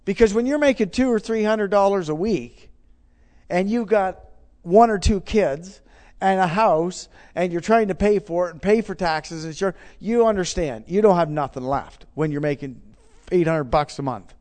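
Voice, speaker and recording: A man's voice: sits high, normal speed, a little mellow. A middle-aged man preaching, telling a personal story with emphatic, repeated phrases. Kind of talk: sermon testimony.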